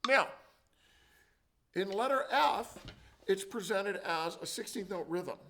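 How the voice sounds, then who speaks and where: A man's voice: sits high, expressive, takes it slowly. A man teaching a percussion lesson, explaining and counting out drum rhythms. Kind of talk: instructional demonstration. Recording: loud drumming and clicks behind.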